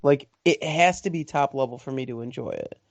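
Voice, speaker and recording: A man's voice: mid-range voice, a little fast, gravelly, no echo. A man co-hosting a podcast in casual chat, giving strong, enthusiastic opinions. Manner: emphatic, enthusiastic opinions with swearing. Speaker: podcast co-host. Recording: dry, dull lo-fi sound.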